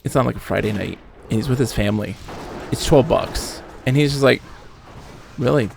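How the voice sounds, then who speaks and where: Streamer, man, late 30s, gravelly edge, mid-pitched, animated storyteller who swears casually. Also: normal speed, a little hiss or hum. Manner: animated, acts out quoted people, swears casually. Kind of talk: casual storytelling while gaming. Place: home streaming setup.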